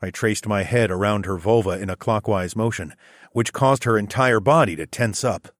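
Male first-person audiobook narrator, lowish steady voice, dry booth sound. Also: normal speed, no echo.

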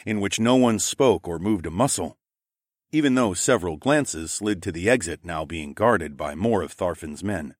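Expressive man narrating an audiobook. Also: sits low, normal speed, no echo, clean studio sound. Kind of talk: scripted first-person narration.

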